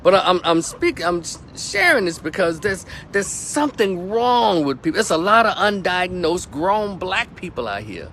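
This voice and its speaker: Indignant man ranting, slightly high voice. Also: sing-song, moderate pace, few pauses, pushed and bright, a little hiss or hum. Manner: indignant, preachy, repeats words and restarts. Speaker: opinion commentator. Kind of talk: heated opinion rant to camera.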